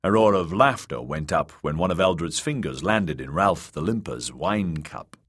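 A man narrating an audiobook with expressive storytelling. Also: deep voice, normal speed, breathy edge. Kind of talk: scripted narration.

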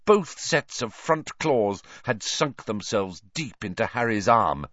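Slow dramatic guy reading a story aloud, bright voice, dry and kinda muffled. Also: fairly low pitch, very animated, dry recording. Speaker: narrator. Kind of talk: audiobook narration.

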